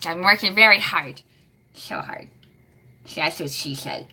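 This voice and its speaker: Late-20s girl rambling on a livestream, giggly, lots of um and like, bright voice. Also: lowish voice, unhurried, a little hiss or hum. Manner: rambling and giggly, full of fillers. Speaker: live stream host. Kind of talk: casual live chat.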